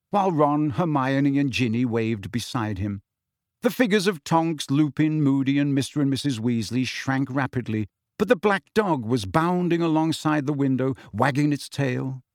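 A man giving expressive audiobook narration in a steady storytelling manner. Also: mid-range voice, normal speed, no echo, clean studio sound. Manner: steady storytelling with shifting character voices.

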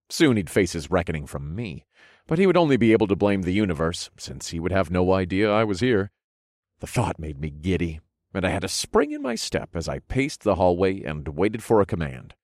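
A man reading first-person fantasy audiobook narration in an expressive, wry storytelling manner. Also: deep voice, no room sound, clean studio sound.

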